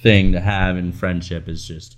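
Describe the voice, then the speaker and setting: A man's voice: low-pitched, little pitch movement, a little slow. A man chatting casually with a friend, earnest and rambling, restarting his sentences often. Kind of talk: casual chat between friends.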